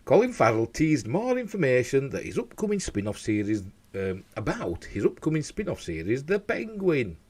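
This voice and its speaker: Chatty guy reading the news at home, husky, lively up and down, keeps going off on tangents. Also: mid-range voice, normal speed. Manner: rambling, chatty, trips over words. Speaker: host of a news show. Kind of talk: casual chat, reading out news.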